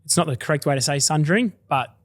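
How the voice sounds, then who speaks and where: A man's voice: fairly high pitch, animated, no echo. A man, a drinks company founder talking through his business in a casual, enthusiastic podcast interview. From Australia. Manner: chatty, quick and enthusiastic.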